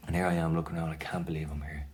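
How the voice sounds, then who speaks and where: Deep, flat-voiced Irish man. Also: rapid-fire, noisy background. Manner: rambling, frequent "like" fillers and restarts. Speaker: vlogger sharing his anxiety story. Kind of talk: casual storytelling to camera.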